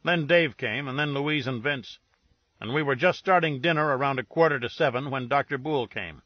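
Brash breathy-baritone lout , read by a man, blunt and crude; dull lo-fi sound. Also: brisk, no room sound, close to an everyday voice. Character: blunt, brash middle-aged man with a sore jaw. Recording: dull lo-fi recording.

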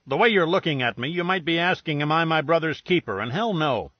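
A man voicing a blunt, crude middle-aged man with a sore jaw, speaking in a breathy baritone. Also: expressive, brisk, no room sound. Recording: dull lo-fi recording.

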